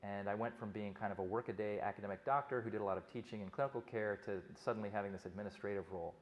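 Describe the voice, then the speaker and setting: Middle-aged man, doctor addressing a conference crowd, low voice, rapid chatty delivery with restarts. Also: steady tone. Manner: fast, conversational storytelling with frequent restarts. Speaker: physician giving a talk. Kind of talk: conference talk to an audience.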